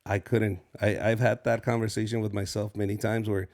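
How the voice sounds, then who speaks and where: Low-ish and darkish, with a level tone and brisk delivery, this voice belongs to a man in his forties from Southern California. He's a stand-up comedian guesting in a casual interview, telling loose, profane stories and doing voices.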